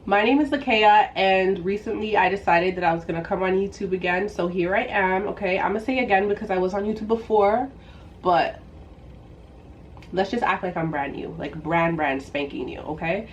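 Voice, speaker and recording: A woman's voice: mid-range voice, normal speed. Young female vlogger, bubbly home chat, slightly muffled audio with faint background noise. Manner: bubbly, giggly, lots of "like" fillers. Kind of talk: casual chatty get-ready-with-me vlog. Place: indoors at home, doing makeup.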